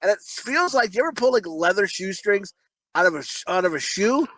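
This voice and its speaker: A middle-aged man rambles through crude personal stories on a casual podcast, cursing freely. His voice is high and bright. It moves up and down a lot. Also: very animated, a little fast, dry recording. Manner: rambling, profane anecdotes with laughing asides. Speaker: podcast co-host.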